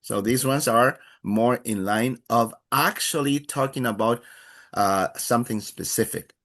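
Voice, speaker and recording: A man's voice: medium pitch, a little slow, fairly bright tone. A man teaching a beginner Spanish class, explaining patiently with many fillers and acting out short dialogues. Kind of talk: live online Spanish lesson.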